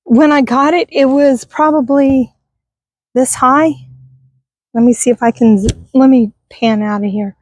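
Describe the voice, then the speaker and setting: High-voiced middle-aged woman, chatty and wistful. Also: fairly even intonation, unhurried, dry recording. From Texas. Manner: rambling, wistful, chatty with viewers. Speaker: vlogger. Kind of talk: casual garden tour vlog. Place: outdoors in a yard by a busy street. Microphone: handheld camera.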